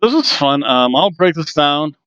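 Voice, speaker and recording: A man's voice: on the high side, very animated, unhurried, sharp tone, clean tone, dry recording, lo-fi sound. A man hosting a wrestling review podcast, chatting casually in a rambling, self-deprecating way. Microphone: headphones on, desk mic.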